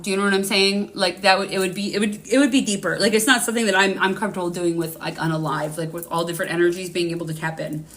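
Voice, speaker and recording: A woman's voice: mid-range voice, a bit bright. A woman hosting a live spiritual reading, rambling and swearing casually with lots of fillers. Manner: rambling, profane, full of fillers.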